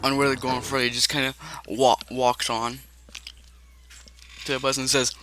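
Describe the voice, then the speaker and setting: Bright-voiced man narrating a role-play story. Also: medium pitch, little pitch movement, normal speed, long pauses, slight background noise. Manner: rambling, laughing often.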